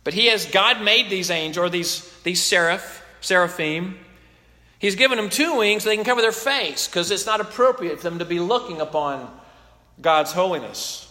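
A man's voice: high-pitched, expressive, moderate pace, bright, forceful tone. A man preaching a sermon in an earnest, emphatic way, often restarting his sentences, in a church. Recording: long reverb of a large hall.

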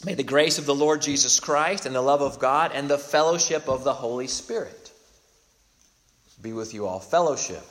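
A man's voice: medium pitch, moderate pace, in a large hall. A male pastor giving an earnest, emphatic sermon, often restarting and repeating his words as he builds each point.

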